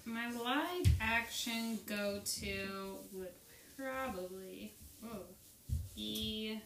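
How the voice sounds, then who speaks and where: A woman's voice: mid-range voice, drawn-out words, music in the background. A woman chatting animatedly and giggling with friends about cosplay. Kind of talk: casual chat. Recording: echoey room, distant mic.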